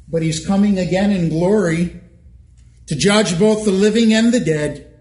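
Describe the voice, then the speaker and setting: A male pastor preaching a sermon in a church, measured and emphatic, asking rhetorical questions. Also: sits high, a little mellow, roomy sound.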